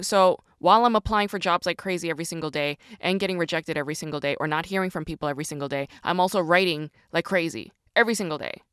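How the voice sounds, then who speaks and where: A woman with a fairly low voice hosts a podcast, venting in a loose, profane, emphatic monologue. She keeps turning her questions back on herself. The sound is dry, with no room around her. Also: quick pace, few pauses, fairly bright tone, clear, resonant tone, no echo. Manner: confessional and self-questioning. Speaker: podcast host.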